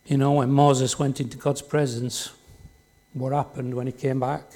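A man's voice: mid-range voice, level tone, normal speed, dark tone. A man preaching a sermon in a church, talking conversationally and often checking in with the congregation through tag questions.

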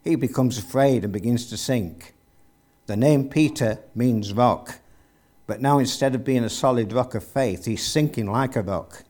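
A man's voice: medium pitch, normal speed, darkish tone. A man preaching a sermon, retelling a story with vivid narration and rhetorical questions to the congregation.

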